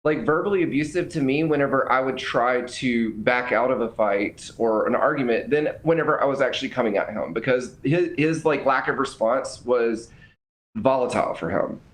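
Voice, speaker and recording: A man as a guest on a casual livestream, speaking earnestly and haltingly. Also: medium pitch, poor audio. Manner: earnest, halting, many fillers.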